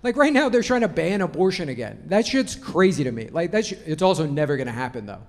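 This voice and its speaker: A man's voice: on the high side, sing-song, fast, darkish tone. A man doing a stand-up comedy set on stage, brash and profane, telling punchy stories into a handheld mic. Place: comedy club stage before a laughing audience. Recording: noisy live club recording. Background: audience laughter.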